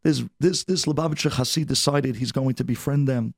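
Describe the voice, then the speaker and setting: A man telling an animated, expressive story on a radio show. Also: medium pitch, fairly quick, no echo, studio quality.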